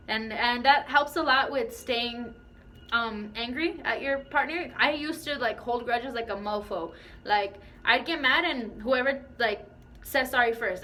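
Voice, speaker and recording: A young woman talks to her camera in easy, rambling vlog chat, leaning on "like" as she goes. Her voice is bright and sits a little high. A faint hiss runs under the recording. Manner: chatty, frequent "like" fillers. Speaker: vlogger. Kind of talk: casual talk to camera.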